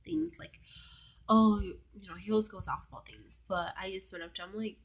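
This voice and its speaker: A woman's voice: medium pitch, steady tone, normal speed, slightly rough. A young woman telling a personal story in a casual vlog, chatty and full of fillers, sometimes dropping to a whisper. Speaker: vlogger.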